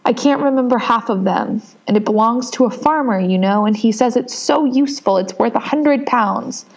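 A woman's voice: fairly high pitch, moderate pace, a little mellow, low-quality recording. A woman voicing a polite, chatty young girl in a storybook reading. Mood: eager. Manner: soothing, eager.

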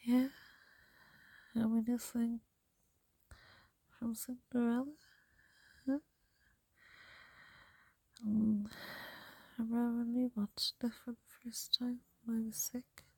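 A woman in a whispered role-play as a girlfriend, softly soothing and reassuring the listener. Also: fairly high pitch, little pitch movement, slow, long pauses, breathy edge, no echo.

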